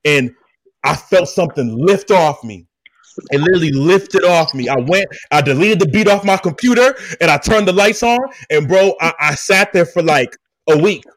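A man hosting a podcast, telling a personal story in an animated, emphatic way and talking straight to his listeners with slang. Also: fairly high pitch, moderate pace, no room sound, clean studio sound. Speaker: podcast host. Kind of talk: casual storytelling chat.

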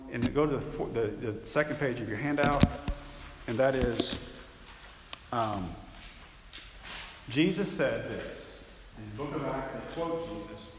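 A man's voice: medium pitch, background noise. A man teaching a Bible class from a handout, conversational and emphatic, often doubling back mid-sentence. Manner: conversational, emphatic, rambling with restarts. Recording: echoey hall, faint ambience.

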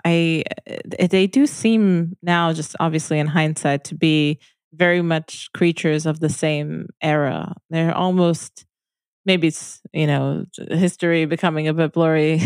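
A woman hosting a podcast in a casual discussion, speaking in a halting, thoughtful way with many restarts. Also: low-pitched, no echo, studio quality.

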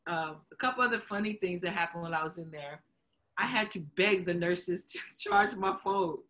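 Bright-voiced woman telling a candid story. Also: lowish voice, moderate pace. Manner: emotional, chokes up while telling it; laughs often, acts out quotes. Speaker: show host sharing her story. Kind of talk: candid conversation.

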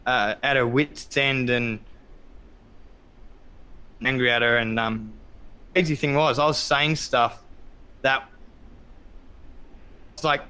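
A man speaks as a podcast guest in a bright, forward voice. He talks candidly and reflectively, pausing on ums and bursting into loud acted-out quotes. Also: mid-range voice. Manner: open, reflective, many ums, acts out quotes loudly. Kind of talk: candid conversational storytelling.

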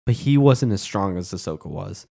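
A man's voice: low voice, lively intonation, normal speed, vocal fry, warm tone. A man retelling a show's story in casual commentary, passionate, indignant and emotional. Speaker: show recapper.

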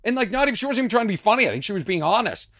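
Male podcast host from Boston, animated storyteller with a lilting, up-and-down delivery in a dead-dry room. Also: sits high, rapid-fire, dry recording. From Boston, USA. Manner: rambling, animated storyteller with asides and restarts. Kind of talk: casual monologue podcast.

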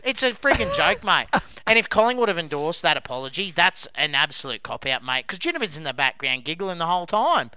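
Fired-up Australian bloke, sweary podcast rant, clear voice in a dry room. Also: male voice, fairly high pitch, sing-song, fairly quick, bright, forceful tone, dry recording. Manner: angry, sweary, ranting. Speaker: podcast co-host. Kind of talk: heated sports podcast rant.

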